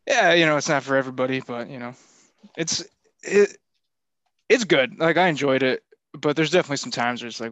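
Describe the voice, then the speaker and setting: A man's voice: medium pitch, moderate pace, fairly bright tone, no room sound. A man co-hosting a podcast in crude, rambling casual chat, swearing often. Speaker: podcast co-host.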